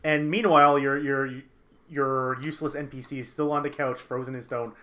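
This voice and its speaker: A man running a tabletop game as game master, explaining rules in quick, halting bursts with many restarts. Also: mid-range voice, fairly even intonation, fairly bright tone.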